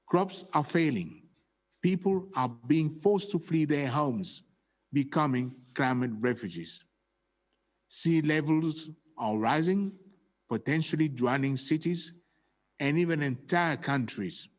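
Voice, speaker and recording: A man from Gabon, a head of state, giving a formal prepared speech in a solemn, deliberate way. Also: on the high side.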